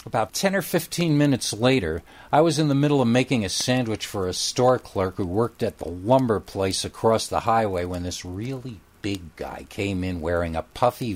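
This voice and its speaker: A man with a fairly low voice narrates a first-person story. He keeps it casual and wry, like someone recounting a strange day at work.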